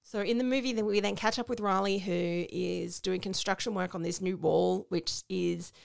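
A woman's voice: mid-range voice, fairly even intonation, normal speed, gravelly. An Australian woman recapping a film in a wry, casual podcast chat. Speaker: podcast co-host.

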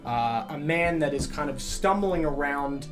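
Game master describing scenes, casual and rambling, with soft guitar in the background. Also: medium pitch, expressive, measured pace. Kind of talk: narrating a tabletop game.

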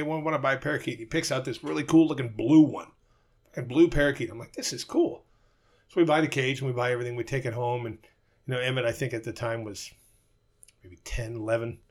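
A middle-aged man co-hosting a podcast in casual banter, swearing freely as he tells jokes and stories. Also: medium pitch. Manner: profane storytelling, tells jokes. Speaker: podcast co-host.

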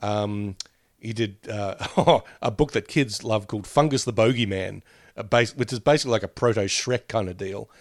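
A man's voice: lowish voice, normal speed, dry recording, studio quality. A man co-hosting a podcast, meandering through memories with frequent laughs. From Australia. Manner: meandering, reminiscing, laughs often. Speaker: podcast co-host. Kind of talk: casual chat.

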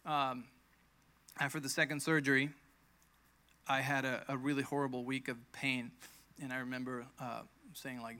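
A man's voice: medium pitch, little pitch movement, moderate pace, pushed and bright, smooth. A man in his thirties preaching a conversational sermon, telling his own healing story and acting out quoted lines with emphasis. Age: 30s. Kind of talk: sermon with personal testimony.

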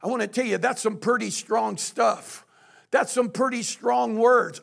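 A man preaching from the pulpit in a very high, gravelly voice. He swings from quiet explanation into loud, shouted exhortation. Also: a little slow. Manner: preaching, often shouting with rising intensity. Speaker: pastor. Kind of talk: sermon.

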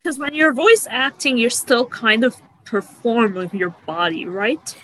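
Female interviewer, high and bright voice, casual and curious. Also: expressive, unhurried, rough recording.

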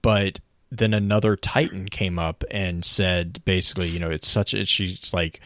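Guy with a lowish voice, chatty podcast host, rambles and laughs, dry sound. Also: fairly even intonation, normal speed, fairly bright tone, no room sound. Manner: rambling, many restarts, laughs while retelling. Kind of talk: casual chat retelling lore.

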